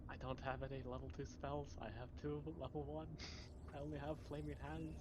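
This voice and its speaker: A man's voice: fairly high pitch, little pitch movement, fairly quick, darkish tone, a little hiss or hum. A man playing a tabletop game, eager and impulsive. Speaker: player. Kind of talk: casual tabletop game chat.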